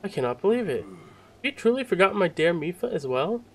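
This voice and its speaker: A man reading game dialogue aloud as a huge, warm old fish-folk king, speaking in a grand, theatrical way. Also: high-pitched, big pitch swings, fairly quick, voice pushed up, full character voice. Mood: puzzled.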